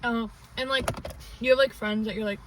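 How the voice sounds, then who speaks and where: Far from the mic, with faint background noise, a young woman co-hosting a podcast chats casually in a fairly high, steady voice at a brisk pace. She rambles and says "like" a lot.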